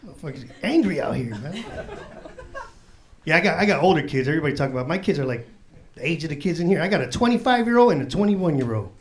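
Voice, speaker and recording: High-voiced man doing profane stand-up. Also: very animated, fast talker. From Chicago south side. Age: 40s. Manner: profane, laid-back street talk, laughing through punchlines. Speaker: stand-up comedian. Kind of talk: stand-up comedy set. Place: comedy club stage. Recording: live club set with crowd noise. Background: audience laughter.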